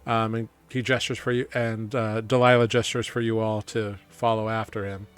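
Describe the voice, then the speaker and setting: A man's voice: on the low side, little pitch movement, normal speed, smooth. A man narrating a tabletop game as game master, casual and rambling with many fillers.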